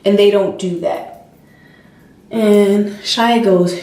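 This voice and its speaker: A young woman vlogger chatting casually while she does her makeup, telling stories with animated expression and acting out her toddler's voice. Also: mid-range voice, takes it slowly, long pauses. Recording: roomy, distant home camera sound.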